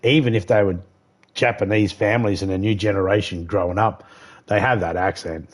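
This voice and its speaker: Low-voiced man rambling on a game stream. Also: steady tone, fairly quick. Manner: rambling, profane, repeats himself. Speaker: live streamer. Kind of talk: casual chat while gaming.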